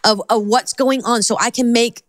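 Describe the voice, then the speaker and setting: A woman hosting, chatting in a relaxed way with many fillers. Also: on the high side, moderate pace, dry recording, clean studio sound. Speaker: host. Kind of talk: casual chat.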